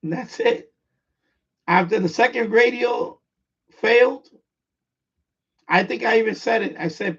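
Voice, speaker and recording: Speaking at a measured pace with long pauses, a man uses a high, fairly bright, slightly rough voice with vocal fry. Raised in the Bronx after being born in Puerto Rico, this radio hobbyist has a New York accent and chats bluntly on his live stream, rambling and repeating himself, in dull lo-fi audio.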